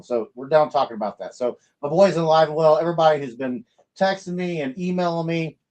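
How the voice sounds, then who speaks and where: Middle-aged Midwestern man, livestream host, slightly raised pitch, rambling casual delivery with lots of ums. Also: moderate pace, darkish tone, poor audio. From American Midwest. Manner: rambling, chatty, many fillers and restarts.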